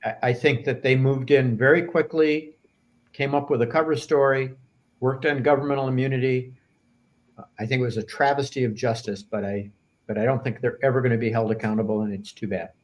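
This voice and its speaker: A man's voice: medium pitch, fairly even intonation, fairly quick. A man on a panel discussion, talking bluntly and indignantly about officials he feels escaped accountability. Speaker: attorney and panelist.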